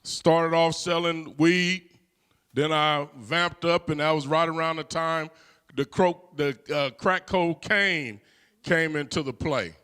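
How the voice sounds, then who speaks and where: A man's voice: fairly high pitch, slow pace, pushed and bright, smooth. A middle-aged man from California telling a personal life story in a conversational way, with frequent "you know" fillers. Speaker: guest.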